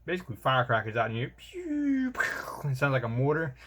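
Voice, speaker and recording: A man's voice: medium pitch, racing, a bit bright. A young man, telling a rambling, slangy vlog story about army training and calling the listener bro. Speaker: soldier vlogger.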